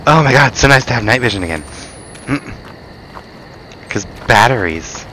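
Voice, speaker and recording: A man's voice: medium pitch, expressive, normal speed, pushed and bright, slight background noise, low-quality recording. A man giving joking, exclaiming commentary while streaming a horror game. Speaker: gameplay streamer. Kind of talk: let's play commentary.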